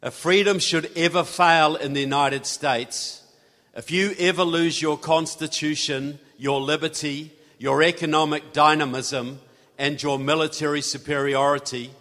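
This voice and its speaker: A guest speaker from New Zealand, with a New Zealand accent and a slightly bright, higher voice, gives a folksy, earnest speech to a live audience. Hall reverb carries through the large room.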